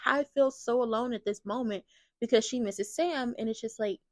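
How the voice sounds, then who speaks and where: With a mid-range voice and no echo, a woman gives a laid-back soap opera recap full of sass and slang. She performs the characters' quoted lines as she goes.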